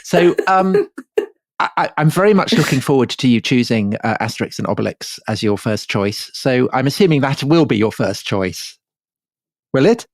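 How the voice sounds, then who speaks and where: A man co-hosting a history podcast, with wry, amused banter. His pitch sits in the middle, and the sound is dry and close. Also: lively intonation, moderate pace, no echo. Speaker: podcast co-host. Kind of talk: casual chat.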